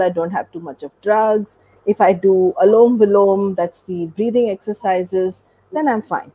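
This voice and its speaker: A woman's voice: mid-range voice, warm tone, slightly rough, rough recording. A woman, a doctor and guest expert, explaining in a conversational way and acting out everyday examples. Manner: explanatory, acts out examples with quoted voices.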